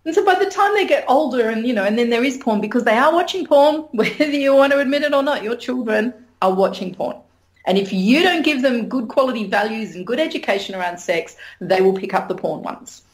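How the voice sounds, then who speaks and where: A middle-aged woman speaks openly and animatedly as a guest in an interview. Her voice sits on the higher side, and she laughs easily between points. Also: fairly quick. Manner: frank, animated, laughs often. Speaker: interview guest, sex educator. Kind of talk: candid conversational interview.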